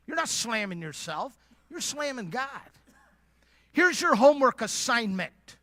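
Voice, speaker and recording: A man's voice: very high voice, big pitch swings, unhurried, bright, forceful tone, no echo. A man preaching at a church conference, speaking emphatically and directly and repeating lines for emphasis. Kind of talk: preaching sermon.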